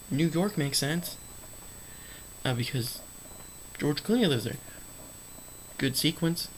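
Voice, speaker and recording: A slow-talking vlogger with a gravelly, creaky voice, rambling through an unscripted film review. The delivery is sarcastic and emphatic, with repeated punchy lines and frequent self-corrections, over a faint hiss. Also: mid-range voice, poor audio. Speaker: movie reviewer.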